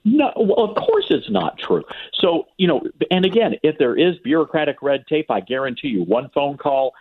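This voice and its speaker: Animated man on a tinny phone line. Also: fairly high pitch, normal speed. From US South. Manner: animated sarcastic storytelling. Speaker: radio commentator guest. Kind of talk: talk radio phone interview.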